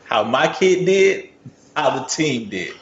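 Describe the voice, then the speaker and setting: A man's voice: medium pitch, sing-song, slow, vocal fry. A man co-hosting a podcast, chatting casually, teasing and laughing as he argues his point. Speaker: podcast co-host. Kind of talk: casual chat. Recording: roomy, dull sound with faint noise.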